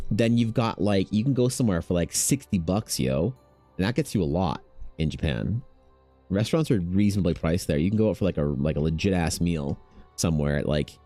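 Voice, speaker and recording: A man's voice: sits low, dark tone. A man chatting casually on a stream in a laid-back, slangy, rambling way. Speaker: streaming artist. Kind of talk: casual chat on a livestream.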